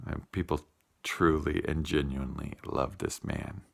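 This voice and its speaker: A man telling a heartfelt personal story in a vlog, unhurried, with many pauses and fillers. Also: a bass voice, steady tone, creaky. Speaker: vlogger.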